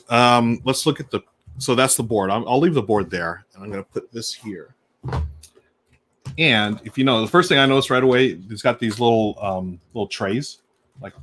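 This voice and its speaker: Snacking as he goes, a live-stream host unboxes a board game and chats excitedly with viewers, using lots of fillers as he thinks aloud. He speaks into a desk microphone in a mid-range, fairly bright voice.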